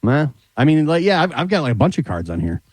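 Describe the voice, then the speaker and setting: Man, fast talker, upbeat radio co-host, dry studio. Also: on the high side, big pitch swings, dry recording. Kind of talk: casual chat.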